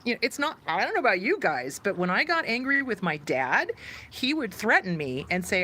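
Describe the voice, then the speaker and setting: A woman therapist hosting a live stream, giving emphatic, animated advice on anger and reading out viewer questions. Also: mid-range voice, fairly quick, a little hiss or hum.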